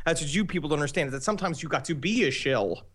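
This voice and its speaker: A man's voice: on the high side, animated, rapid-fire, fairly bright tone. A man co-hosting a comedy podcast, talking in a rambling, joking way. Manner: rambling, jokey. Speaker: podcast co-host. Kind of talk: casual comedic chat.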